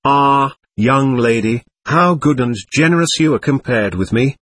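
A man voicing a sly, coquettish young woman who speaks in a soft, even, sugary drawl in an audiobook reading. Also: medium pitch, a little slow, no echo.

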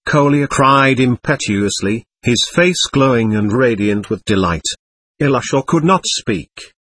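A man narrating a classic novel as an audiobook, reading in a lively, expressive way and lightly voicing the dialogue. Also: medium pitch, breathy edge, no echo.

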